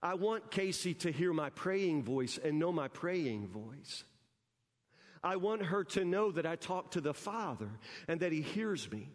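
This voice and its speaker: A man's voice: fairly high pitch, big pitch swings, measured pace. A man preaching a sermon as pastor in a church, emphatic and conversational, often repeating words as he presses a point. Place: church sanctuary. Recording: long hall reverb.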